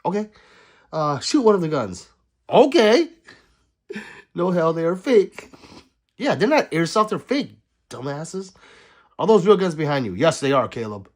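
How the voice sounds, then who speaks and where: Male streamer, husky tone, lively pitch, jokey chat-reading delivery. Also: a little slow, pauses often. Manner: joking, banters with chat. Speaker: livestreamer. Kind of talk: casual livestream chat reading.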